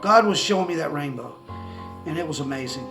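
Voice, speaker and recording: A man with a high voice talks to a camera in his country home and tells his faith testimony in a loose, rambling way. He stumbles, repeats himself and chuckles often. Faint music plays behind him. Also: animated, fairly quick, creaky. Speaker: person giving a religious testimony. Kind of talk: casual storytelling to camera. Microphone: camera in front of a seated speaker.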